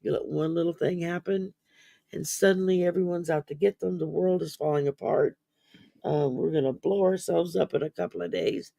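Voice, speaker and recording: A man's voice: on the high side, fairly even intonation, moderate pace, gravelly, mellow, dry recording. A man hosting a casual talk about mental wellness, rambling with many ums and restarts, sounding sleepy. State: sleepy, yawning. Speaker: podcast host.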